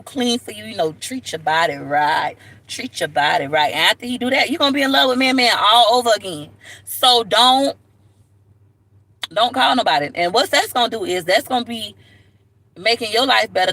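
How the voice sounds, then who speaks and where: Brief: bright, forceful woman host lecturing her viewers on relationships with sass. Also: medium pitch. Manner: sassy, preachy, talks straight to the viewer. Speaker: livestream host. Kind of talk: comedic relationship-advice rant.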